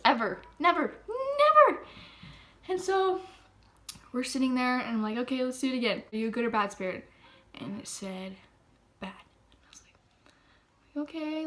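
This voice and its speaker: A teenage girl in a casual vlog, retelling a spooky night with constant fillers. Her voice sits at an ordinary pitch for a young woman. She slides between excited chatter and hushed, breathy whispers. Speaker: vlogger. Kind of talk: casual storytelling.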